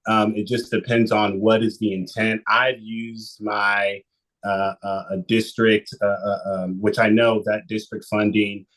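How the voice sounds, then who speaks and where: A man's voice: lowish voice, a bit bright, rough recording. A man speaking as a city commissioner in a public meeting, apologetic and hesitant with many restarts.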